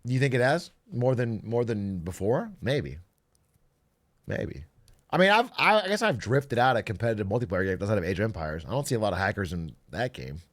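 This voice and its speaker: In a casual livestream, a man with a lowish voice talks briskly to his viewers, launching into animated, joking rants full of swearing.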